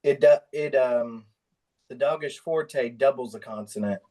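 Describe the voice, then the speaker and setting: A man's voice: mid-range voice, a little slow, dark tone. A male student answering in class, hesitant and searching for words. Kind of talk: classroom question.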